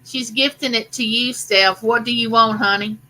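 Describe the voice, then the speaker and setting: A woman's voice: on the high side, steady tone, normal speed, bright, forceful tone, a little hiss or hum, poor audio. Chatty older woman. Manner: chatty, affectionate, talks to viewers directly. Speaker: live stream host. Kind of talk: casual live chat.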